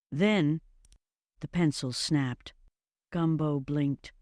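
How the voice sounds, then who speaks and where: A narrator reading a fantasy story slowly and evenly, in a scripted storybook style. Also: mid-range voice, no room sound, studio quality. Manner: slow, measured and even.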